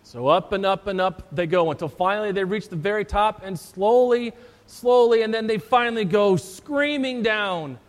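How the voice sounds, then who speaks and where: A man's voice: high voice, normal speed, few pauses, long reverb tail. A man, a pastor, preaching a sermon and telling a story in a conversational way. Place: church.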